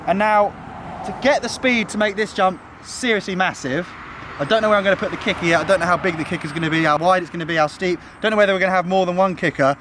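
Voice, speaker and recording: A man's voice: high voice, quick pace, a bit bright, a little hiss or hum. A young man vlogging outdoors, chatty and enthusiastic, out of breath. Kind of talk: casual vlog walkthrough. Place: outdoors at a building site.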